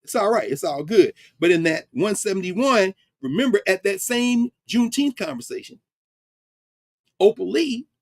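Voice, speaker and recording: A middle-aged man giving an informal, conversational lecture as the host of an online class. He is emphatic and animated, with frequent asides. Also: sits high, moderate pace, hardly any pauses, no echo, studio quality. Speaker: professor hosting an online class.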